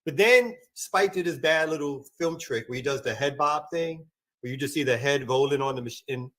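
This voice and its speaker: A man co-host recalls a story in easy casual chat. His voice sits slightly higher than most men's. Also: normal speed, fairly bright tone.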